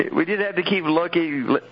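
A man's voice: on the high side, normal speed, dull audio. A male radio host reading an article aloud on air, who keeps breaking into helpless laughter.

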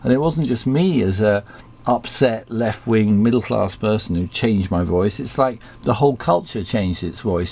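A man with a softened English received pronunciation accent, talking in a rambling, reflective way with frequent restarts. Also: fairly low pitch. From England. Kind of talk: casual conversation.

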